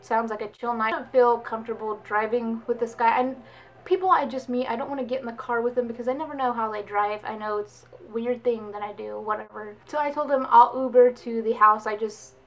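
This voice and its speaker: A woman's voice: on the high side, fairly quick, lo-fi sound. A young woman vlogger telling a story in a casual, chatty way, laughing often. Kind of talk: storytime vlog.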